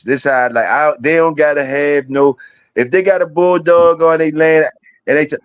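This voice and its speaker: A man's voice: medium pitch, no echo. A man hosting a casual chat, hyped and playful, repeating his phrases.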